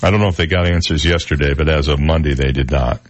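On a radio broadcast, a male co-host with a very deep voice talks quickly, bantering casually as he reads news stories aloud and jokes about them.

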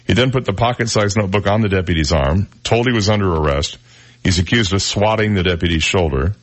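A man's voice: low voice, fast. An older man hosting a radio talk show, reading odd news stories and adding wry, joking asides. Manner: wry asides, reads stories then jokes about them. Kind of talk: casual news-of-the-day monologue.

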